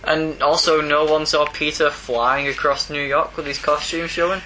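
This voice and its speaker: A man's voice: a little high, little pitch movement, normal speed, very noisy. A man co-hosting a podcast, chatting casually and joking in a laid-back way. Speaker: podcast co-host. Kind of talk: casual chat.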